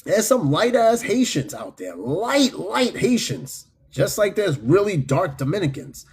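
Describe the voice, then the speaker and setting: A man hosting a podcast, chatting casually and reading out listener comments in a loose, profane, animated way. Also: sits high, a little slow, breathy edge. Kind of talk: casual unscripted chat.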